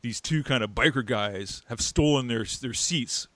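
A man's voice: mid-range voice, a little slow, pushed and bright, dry recording. A man hosting a podcast, casually retelling a plot and tagging his points with "right?". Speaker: podcast host. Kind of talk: casual chat.

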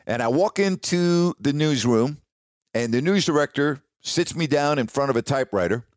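A man's voice: a little high, normal speed, no room sound. Man telling a story, dry close sound. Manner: casual, animated retelling with ad-lib restarts. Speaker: sportscaster. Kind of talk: personal storytelling.

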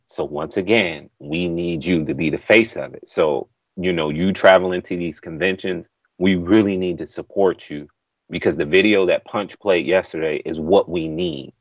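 A man's voice: sits low, dry recording, dull audio. A man calling in to a talk show, pressing his opinions in a rambling, emphatic way. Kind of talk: casual chat.

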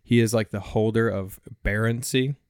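Male podcast host, lower register, dry booth sound, relaxed plot recapper. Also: moderate pace, smooth, no room sound. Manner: relaxed, summarizing the plot with light jokes. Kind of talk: casual film discussion podcast.

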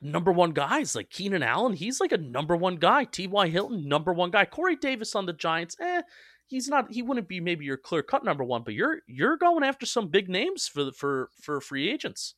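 Brief: young male podcast co-host, bright and forceful tone, a bit higher-pitched, dry close sound, casual sports talk. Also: sing-song, no room sound. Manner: quick, self-mocking, stumbles into restarts.

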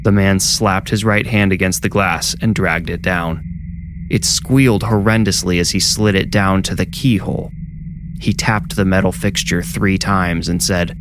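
A man narrating a horror story in a measured, steady storytelling voice. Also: deep voice, noisy background. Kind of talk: scripted narration.

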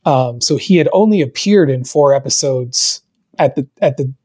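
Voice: mid-range voice, animated, normal speed, a little mellow, breathy edge. A co-host in casual chat, reading out listener questions and hesitating with fillers.

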